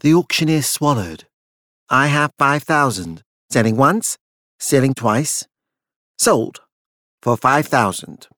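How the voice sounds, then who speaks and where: A man narrating a dark gothic story in a measured, even storytelling voice. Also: medium pitch, no echo, studio quality. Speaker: audiobook narrator.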